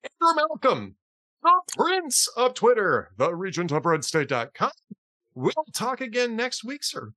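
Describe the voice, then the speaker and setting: A man's voice: high voice, huge pitch swings, a little slow, sharp tone. A man hosting a podcast in casual chat, telling jokes and chuckling as he reads. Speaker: podcast host.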